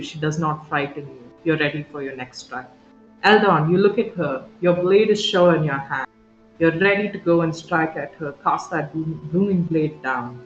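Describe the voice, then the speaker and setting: A game master narrating a tabletop game with vivid, halting description, full of fillers and restarts. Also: mid-range voice. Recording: roomy, dull sound, faint music.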